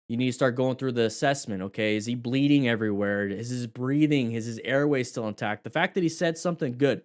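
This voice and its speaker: A man teaching motorcycle safety, commenting on a crash video in a lively way and asking questions. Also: mid-range voice. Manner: animated, acts out rider dialogue and questions.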